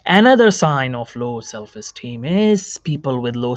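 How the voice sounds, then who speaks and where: A male doctor sits in a chair giving a self-help psychology lecture straight to the camera, repeating phrases and posing questions to the viewer. His medium-pitched voice is very animated but a little slow, and the recording is dry.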